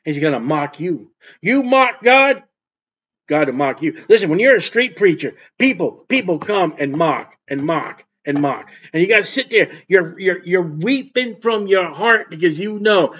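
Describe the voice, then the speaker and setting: A man's voice: sits high, lively intonation, a little slow, fairly bright tone, lo-fi sound. A man preaching a fervent sermon as a street preacher. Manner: fervent, mocking laughter when imitating scoffers.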